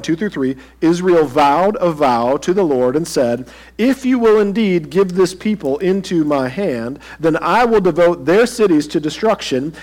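A man preaching a sermon in a church, his voice sitting a little high. He talks in a relaxed, conversational way and puts questions straight to the congregation. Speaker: pastor.

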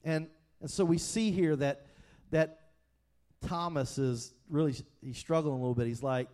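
A man's voice: fairly high pitch, moderate pace, a little mellow. Earnest, conversational male pastor preaching. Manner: earnest, conversational, repeats and restarts words. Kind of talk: sermon.

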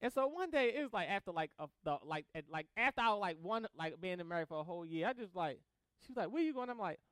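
A man preaching a sermon in a casual, animated way, acting out both sides of conversations and laughing as he tells stories. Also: sits high, fast talker, clean tone, dry recording. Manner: casual slang-filled delivery with laughter. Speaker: pastor.

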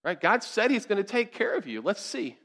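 A male pastor preaching a sermon in a conversational, animated way, often asking the congregation questions. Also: high voice, a little fast.

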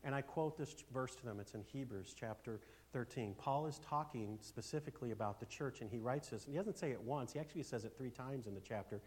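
A man preaching a sermon as pastor, speaking emphatically, asking for amens and swinging from loud declarations to hushed asides. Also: medium pitch, fast, few pauses. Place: church.

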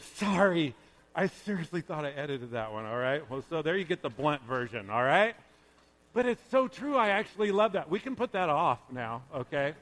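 A man preaching a sermon as a pastor, conversational and animated, often checking in with his listeners. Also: a little high, brisk. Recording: long reverb of a large hall.

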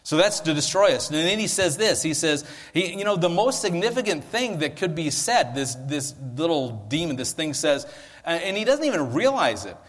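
A man's voice: on the high side, big pitch swings, moderate pace. Man preaching in a reverberant hall. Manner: chatty, asks listeners "right?". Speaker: pastor. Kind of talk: conversational sermon. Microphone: handheld or stand mic.

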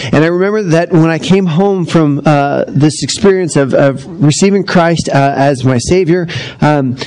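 A middle-aged man preaching a sermon as pastor, in a conversational, animated storytelling manner. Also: a little high, rough recording.

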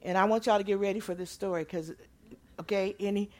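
A woman preaching a sermon, moving from loud proclaiming to quiet storytelling. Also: mid-range voice, steady tone, fast.

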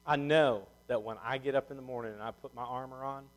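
A man's voice: medium pitch, fairly even intonation, fast talker. A middle-aged man preaching a sermon, mixing scripture with a folksy personal story. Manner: folksy, drops from loud scripture reading to quiet storytelling.

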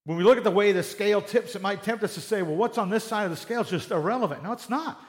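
A man preaching a sermon in a conversational, animated way, acting out little quoted exchanges. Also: sits high, fast talker.

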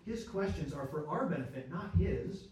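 In an animated way and at normal speed, a man with a fairly high, mellow voice guides a conversational Bible study, asking rhetorical questions and checking on his listeners. He corrects himself and restarts mid-sentence. He is heard from a distance in a very echoey room.

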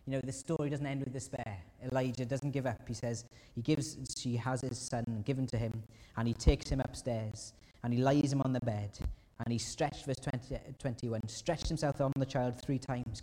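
A man preaching a sermon in earnest tones, at times crying out anguished prayers in a higher voice. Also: fairly even intonation, normal speed, warm tone. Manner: earnest, acts out anguished prayers with rising pitch. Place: church hall. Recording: long reverb of a church hall.

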